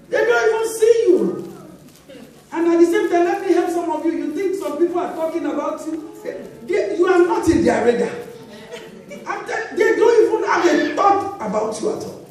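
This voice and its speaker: A middle-aged woman pastor giving a sermon, telling a story with laughter and acting out the dialogue. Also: very high-pitched. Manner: animated, laughing as she tells stories, acting out dialogue. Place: large church hall. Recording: echoey hall, voice from far off.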